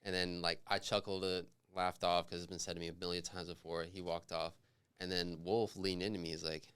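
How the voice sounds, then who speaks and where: Young man, podcast guest, casual chat, laid-back, deep voice, smooth resonant tone. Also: brisk. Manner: relaxed, laid-back storyteller, swears casually.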